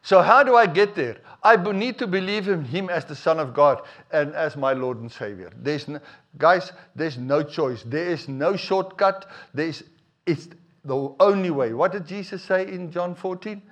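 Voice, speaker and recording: A middle-aged man, preaching a sermon in a conversational, animated way with asides to the congregation. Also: fairly high pitch, moderate pace. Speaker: pastor.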